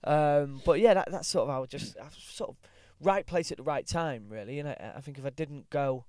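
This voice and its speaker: Young bloke telling stories, lots of ums, swears a bit, laughs easy, dry close mic. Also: male voice, fairly high pitch, fairly quick, warm tone, dry recording. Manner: rambling, full of ums and restarts, laughs easily; swears casually. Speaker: guest actor. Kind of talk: casual chat.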